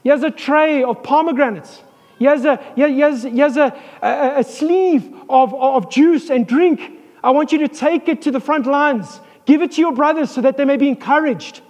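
A man's voice: very high voice, normal speed, darkish tone, in a large hall. A man preaching who voices an old father sending his son off with supplies, fumbling his instructions. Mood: instructing.

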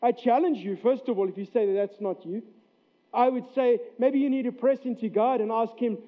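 Male pastor, high voice, emphatic sermon delivery, tinny lo-fi recording. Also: fairly even intonation, brisk. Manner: earnest, emphatic preaching with repeated phrases. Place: church sanctuary. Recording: tinny narrow-band recording.

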